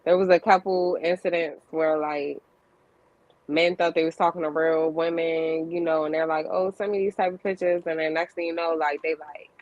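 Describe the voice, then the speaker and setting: Woman, lower voice, casual podcast chat, hesitant, fillers. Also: moderate pace, dry recording, dull audio. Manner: relaxed, hesitant, many fillers.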